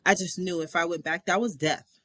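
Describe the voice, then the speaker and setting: A woman's voice: lowish voice, fairly quick, dry recording. Woman telling her story, dry close sound. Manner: animated, acts out people's lines in a raised voice; frequent fillers and restarts. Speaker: podcast guest. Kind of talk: personal storytelling in conversation.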